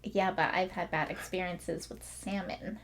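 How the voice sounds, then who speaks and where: A woman's voice: on the low side, fairly even intonation, a little slow, fairly bright tone. A young woman talking casually as a guest on her fiancé's podcast, teasing and matter-of-fact, with some laughter. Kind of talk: casual conversation.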